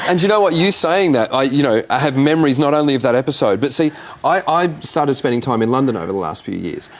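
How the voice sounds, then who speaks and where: A man's voice: medium pitch, animated, fast talker. A man hosting a talk show, chatting eagerly with a guest he admires. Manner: enthusiastic, eager fan of the guest. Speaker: host. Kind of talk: casual chat show interview.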